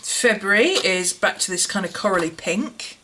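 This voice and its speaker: A woman's voice: mid-range voice, normal speed, bright, forceful tone, a little hiss or hum. A woman with an English accent, chatting casually as she reviews a product in a vlog and muses aloud. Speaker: vlogger.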